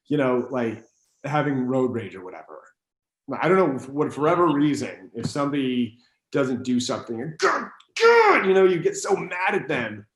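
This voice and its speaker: A man, an actor, chatting casually with another actor and telling meandering, animated stories. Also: mid-range voice, reverberant. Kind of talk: casual conversation between actors.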